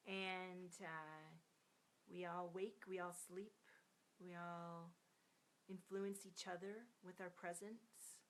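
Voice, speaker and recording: A woman in her thirties hosting a live stream of card readings. She chats warmly with viewers, sings out their names and drops into soft near-whispers. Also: lowish voice, fairly even intonation, takes it slowly, a little hiss or hum.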